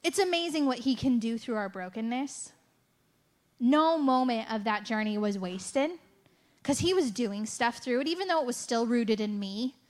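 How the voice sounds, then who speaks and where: A woman's voice: fairly high pitch, expressive, moderate pace. A woman giving a conversational sermon testimony, telling her story candidly with a self-mocking streak and a lot of "like" and "right?". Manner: chatty storytelling with frequent "like" and "right?". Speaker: speaker sharing a faith testimony.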